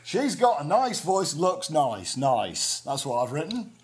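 A man's voice: on the high side, big pitch swings, unhurried. A man with a northern English accent co-hosting a casual comedy chat, rambling and swearing with jokey asides. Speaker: podcast co-host.

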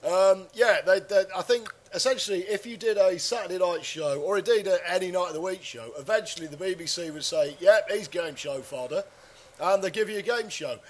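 A man's voice: high-pitched, fairly quick, hardly any pauses. A man hosting a casual comedy podcast, rambling and crude, with lots of fillers.

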